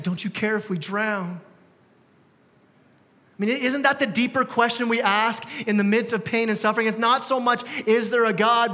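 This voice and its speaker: A man's voice: very high voice, bright, forceful tone. A man in his thirties preaching a sermon in a church, conversational and full of rhetorical questions to the congregation. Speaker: pastor. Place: church sanctuary. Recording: long church hall reverb.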